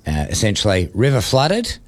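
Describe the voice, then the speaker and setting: A man co-hosting a radio show who tells a story with playful suspense. His voice is very deep and swings widely in pitch. His delivery is casual and chatty. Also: normal speed. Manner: animated, playful, builds suspense. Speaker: radio host.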